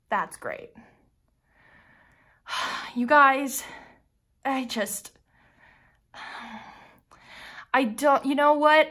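A woman's voice: sits high, pushed and bright. A young woman vlogging a craft unboxing, frustrated, sighing and rambling with restarts. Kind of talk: casual unboxing vlog.

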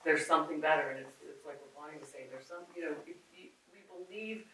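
A woman's voice: deep voice, fast talker. Candid woman producer in an echoey hall. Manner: candid, animated, quotes others in her retelling. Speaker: film producer on a conference panel. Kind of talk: panel storytelling. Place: conference auditorium. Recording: echoey hall, far from the mic, faint noise.

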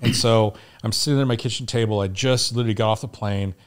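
Middle-aged male guest, slightly low pitch, candid and salty storyteller. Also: quick pace, clean tone. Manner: candid, profane, animated retelling. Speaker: podcast guest. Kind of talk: casual storytelling.

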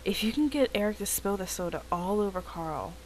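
A woman's voice: mid-range voice, animated, a little fast, a little mellow, slight background noise, lightly acted, rough recording. A woman voicing an anxious, earnest young woman who is trying to rescue a friend. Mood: worried.

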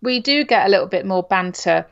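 A woman's voice: medium pitch, expressive, fairly quick, creaky. A middle-aged woman from Nottingham with an English accent, co-hosting a podcast in casual, chatty talk. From England. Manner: chatty, uses "you know" and tag questions. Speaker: podcast co-host. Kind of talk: casual chat. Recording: dull lo-fi sound.

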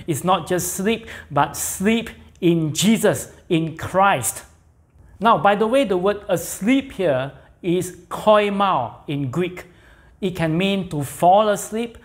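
A man preaching a sermon as pastor, reading scripture and repeating key words with emphasis. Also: sits high. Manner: slow, deliberate preaching with emphatic repetition.

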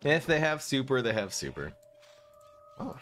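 Excitable male game streamer, lively pitch. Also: moderate pace, slight background noise. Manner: excitable, laughs often, talks to chat. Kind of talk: live-stream gameplay commentary.

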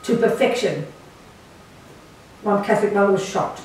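A woman's voice: on the low side, a little fast. A woman, a Buddhist nun, giving a blunt, emphatic retreat teaching with sarcastic asides. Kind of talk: dharma talk to a retreat group. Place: meditation centre hall. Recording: echoey room from far off, faint hiss.

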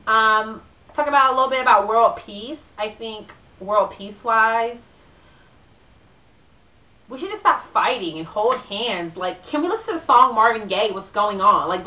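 A woman's voice: medium pitch, pushed and bright. A young woman delivering a comedic rant, swearing and filling it with valley-girl likes. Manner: ranting, profane, valley-girl fillers. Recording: echoey room, voice far from mic.

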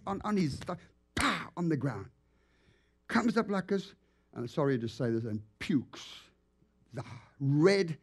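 A man preaching in a church as a guest evangelist, telling stories with lively, acted-out animation. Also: fairly high pitch. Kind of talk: storytelling sermon. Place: church sanctuary.

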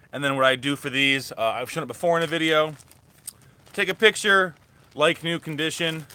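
A man's voice: a little high, bright, forceful tone. A young man rambling casually through a live thrift haul as a reselling vlogger. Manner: rambling, chatty, restarts often.

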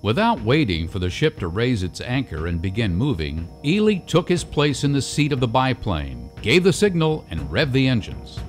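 Male narrator, mid-range voice, animated intonation, scripted documentary read. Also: mid-range voice, faint music behind. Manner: measured, storytelling delivery.

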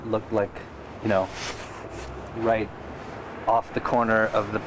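A man with a low voice recounts events hesitantly in a flat, even tone. He is recorded outdoors near a street, with clear noise behind him. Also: takes it slowly. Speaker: interviewee. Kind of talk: eyewitness interview.

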